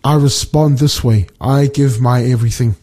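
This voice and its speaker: A man giving a casual devotional talk, speaking haltingly with many restarts and fillers. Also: medium pitch, fairly even intonation, mellow. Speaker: Bible study speaker.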